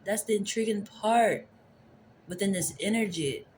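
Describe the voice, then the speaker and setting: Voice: mid-range voice, unhurried, darkish tone, slight background noise. An adult tarot reader giving a casual, rambling spiritual reading into a phone camera, returning to the same phrases. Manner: rambling, repeats favorite phrases.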